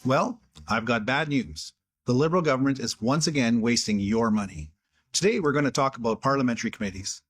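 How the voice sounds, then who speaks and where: A man's voice: medium pitch, fairly quick, slightly rough, dry recording. A man who is a member of parliament, delivering a scripted, sarcastic video address. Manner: sarcastic, exasperated.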